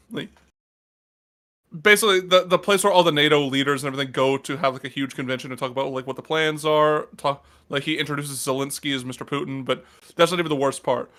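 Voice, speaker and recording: A young male podcast co-host with a bright, forceful, fairly high voice, talking in quick bursts full of fillers. It is casual chat among friends.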